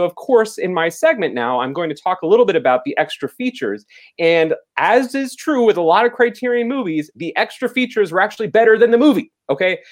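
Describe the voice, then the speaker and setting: Halting, animated male podcast film reviewer. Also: fairly high pitch. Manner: rambling, halting, many fillers and restarts. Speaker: podcast co-host reviewing films. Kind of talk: casual podcast chat.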